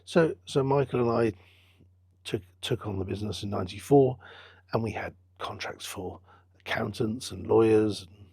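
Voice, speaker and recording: Husky man telling anecdotes. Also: lowish voice, normal speed, a little mellow, no room sound. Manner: chatty anecdotal storyteller, acts out quoted dialogue. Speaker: business founder and football club owner, guest. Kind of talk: storytelling interview answers.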